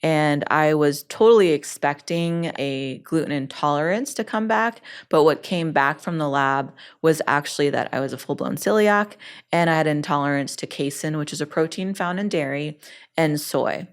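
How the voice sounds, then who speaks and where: A woman hosting her own show, telling a personal story in a lively way with laughs and quoted dialogue. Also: deep voice, moderate pace, clear, resonant tone. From Egyptian family background. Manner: lively, animated retelling with laughs and acted-out quotes.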